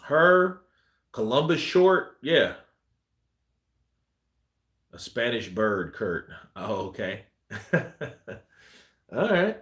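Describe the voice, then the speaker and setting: A man's voice: mid-range voice, big pitch swings, extremely slow, pauses often, a bit bright. A man hosting a boxing live stream, reading viewer comments in a loose, joking way and laughing often. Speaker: boxing channel host. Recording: roomy echo.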